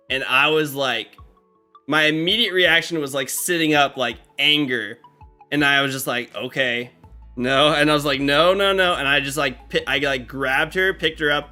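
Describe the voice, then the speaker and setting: A man's voice: mid-range voice, pushed and bright. A man chatting casually on a live game stream, rambling with lots of fillers and restarts. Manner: rambling, filler-heavy talk with many restarts. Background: faint game music.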